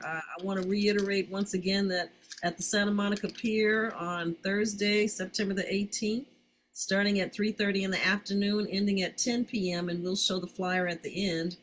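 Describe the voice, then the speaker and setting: A woman's voice: mid-range voice, low-quality recording. A woman hosting an online community panel, hesitant and full of ums but encouraging. A faint hiss of noise sits under her voice on the call. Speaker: host.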